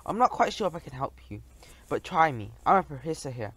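A man's voice: fairly high pitch, very animated, fast, fairly bright tone, slightly rough, exaggerated voice. A man voicing a kindly, pleasant female mouse professor in a storybook reading. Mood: amused.

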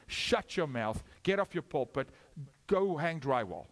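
A male guest preacher, giving a sermon that swings from loud, high peaks to hushed, low asides. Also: sing-song, measured pace.

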